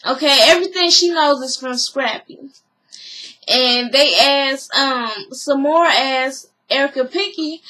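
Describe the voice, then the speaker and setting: A woman's voice: high voice, slow, bright, forceful tone. A woman vlogger giving a blunt, slangy recap commentary.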